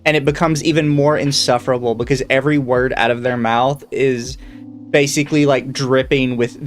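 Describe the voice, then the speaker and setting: A man with a Southern American accent hosts a relaxed podcast chat. His pitch sits in the middle and his delivery is dry and wry, with a quiet music bed behind him. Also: normal speed. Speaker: podcast host.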